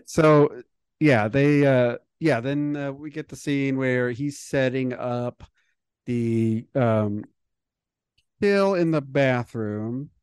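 A man's voice: medium pitch, slow pace, a little mellow, clear, resonant tone, dry recording. Dry-sounding man casually recapping a film. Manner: rambling, filler-heavy retelling with acted-out quotes. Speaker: podcast co-host. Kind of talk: casual movie recap chat.

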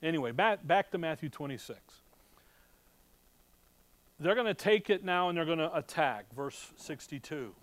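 A man's voice: on the high side, expressive, moderate pace, pauses often, fairly bright tone, dry recording. A man teaching a conversational sermon to a room of listeners, talking casually with rhetorical questions and wry asides. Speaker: Bible teacher. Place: room with a live audience.

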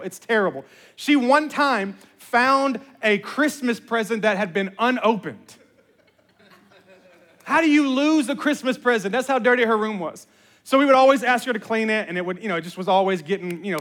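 High-voiced animated male preacher. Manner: animated storytelling, acts out voices, rising to shouts. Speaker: pastor. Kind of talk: sermon.

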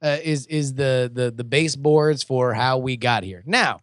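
A man's voice: mid-range voice, measured pace, no room sound, clean studio sound. A man chatting casually as a podcast co-host, joking and colloquial. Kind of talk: casual chat.

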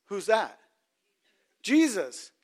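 A man's voice: high voice, wildly swooping pitch, extremely slow, a little mellow, breathy edge. A man preaching a sermon in a conversational way, often turning to quiz his listeners.

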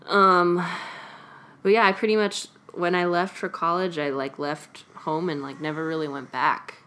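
A woman's voice: fairly low pitch, level tone, normal speed, sharp tone. A young adult woman from California, chatting casually as an interview guest and laughing often. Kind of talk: casual conversation.

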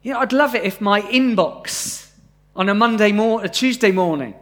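Male preacher, high-pitched, easygoing delivery, live sermon with questions to the room. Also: animated, moderate pace, a bit bright. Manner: conversational, asks the congregation questions. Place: church, live congregation.

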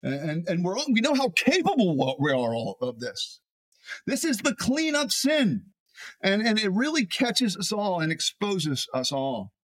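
Pastor guy preaching, lively swooping voice, stumbles and repeats words a lot. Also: sits high, a little slow. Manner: animated, repeats words while building a point. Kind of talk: sermon.

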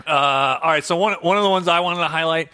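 A man co-hosting a casual movie review podcast, emphatic and quick to laugh. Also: on the high side, fairly even intonation, sharp tone, no room sound, studio quality. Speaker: podcast co-host.

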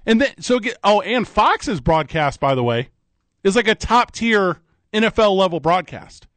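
A man hosting a morning sports talk radio show from a studio, bantering in a quick, joking way. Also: sits high, no room sound. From American Midwest. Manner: animated, quick, joking delivery. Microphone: studio microphone.

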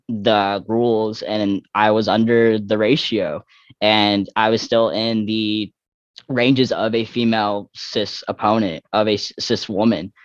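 A man's voice: fairly low pitch, smooth, no room sound. Young man, rambling, lots of "like". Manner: rambling, heavy filler "like", quick restarts. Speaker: guest athlete. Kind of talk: casual interview talk. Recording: dull lo-fi dry recording.

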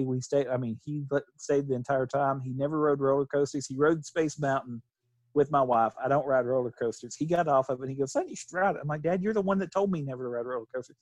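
Middle-aged man from Kentucky, rambling casual storyteller, slightly high voice, dry sound. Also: a little mellow, no room sound. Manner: rambling, restarts and laughs while telling stories.

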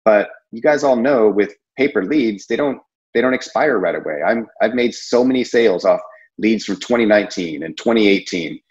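This insurance sales presenter gives a casual training talk, rambling and conversational, full of fillers and restarts. His pitch is fairly low and expressive, his pace moderate. The audio sounds dull.

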